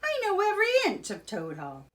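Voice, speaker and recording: A woman voicing a boastful, excitable male toad in a children's storybook, with wailing, swaggering lines. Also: very high voice, normal speed, pitched above the performer's own voice, exaggerated voice.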